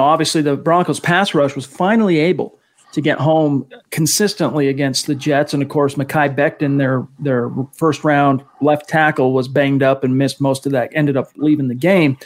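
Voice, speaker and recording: A man hosting a sports talk show, talkative and often restarting his sentences. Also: on the high side. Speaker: sports podcast host.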